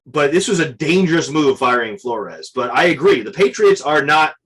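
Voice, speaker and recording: A man with a somewhat husky, slightly high voice co-hosts a casual sports talk show. He talks in an easy, conversational way but argues his opinions firmly. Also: big pitch swings, normal speed, fairly bright tone.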